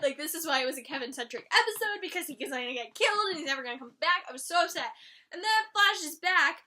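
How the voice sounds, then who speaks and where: A young woman chatting casually as she reviews a TV episode, animated and gushing, with exasperated outbursts. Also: high-pitched, a little fast. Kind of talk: casual chat.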